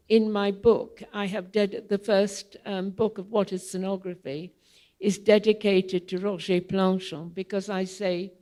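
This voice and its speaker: An older woman with a gravelly, creaky voice tells anecdotes to a theatre audience. She talks slowly and wanders from point to point, with frequent ums. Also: medium pitch, mellow. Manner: unhurried, digressive, with frequent ums. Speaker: guest speaker at a theatre panel. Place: theatre hall, public event.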